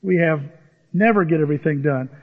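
A man's voice: on the high side, fairly quick. A man preaching a sermon as pastor, conversational and humorous, rising to emphatic peaks. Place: church. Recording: dull sound with long church reverb.

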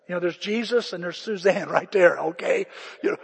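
A man preaching a conversational, self-deprecating sermon as a pastor, with an animated, storytelling manner. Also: high-pitched, a little fast, vocal fry, breathy edge, big-room sound.

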